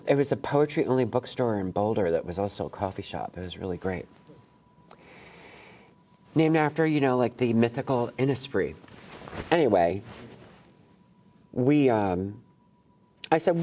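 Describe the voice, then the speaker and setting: A man's voice: mid-range voice, animated, moderate pace, pauses often, dark tone. A man leading a college poetry workshop, talking casually and candidly to students, with rambling asides and casual swearing. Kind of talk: casual, digressive workshop talk. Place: college classroom.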